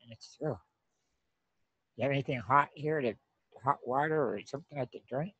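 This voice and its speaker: A man's voice: mid-range voice, normal speed, fairly bright tone, breathy edge, no echo. A man voicing a polite, chilled young laborer, lo-fi. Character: young London-born boy laborer, cold and polite. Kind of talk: tabletop role-play voicing. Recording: dull lo-fi mic.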